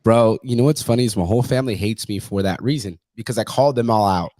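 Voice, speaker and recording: A man's voice: fairly low pitch, fast talker, darkish tone, no room sound. A man in his thirties talking bluntly and profanely about his family in a casual conversation.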